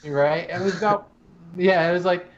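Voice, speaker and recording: A man's voice: high-pitched, moderate pace, dull audio, a crowd in the background. A man co-hosting a casual podcast, swearing often as he retells events with animation. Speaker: podcast co-host. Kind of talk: casual chat.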